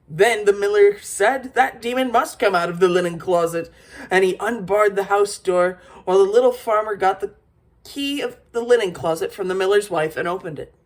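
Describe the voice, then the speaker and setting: A woman reading an old fairy tale aloud as a storyteller, lively, with small slips and restarts. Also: mid-range voice.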